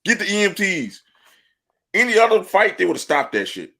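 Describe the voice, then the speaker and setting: A man co-hosts a sports podcast, his high, creaky voice moving at a moderate pace. He talks casually and boastfully, telling animated stories full of laughter and swearing.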